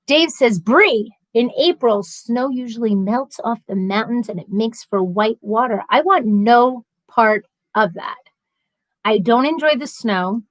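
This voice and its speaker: Reading viewer comments aloud and answering each one in turn, a woman hosts a casual live stream. Her slightly high voice moves a little slowly, loose and rambling, with animated storytelling. The sound is dry and close, without any room echo.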